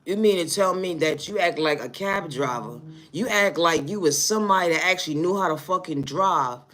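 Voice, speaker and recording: A woman's voice: lowish voice, moderate pace, a bit bright. A woman telling a comic story as an exasperated, profane rant, often breaking into laughter. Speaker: vlogger.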